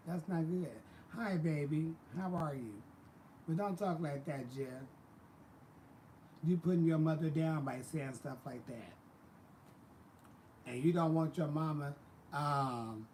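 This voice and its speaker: A fairly high-pitched male voice with a little hiss or hum. He's a livestream host chatting casually and sassily with his viewers, calling them baby and honey.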